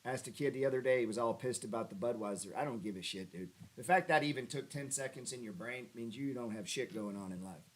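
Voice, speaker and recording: A man's voice: quick pace, hardly any pauses. Sarcastic, profane man hosting a trading stream. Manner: profane, sarcastic, mocking asides to chat; animated pitch jumps when ribbing viewers. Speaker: stock trading livestream host. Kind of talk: casual livestream chart talk.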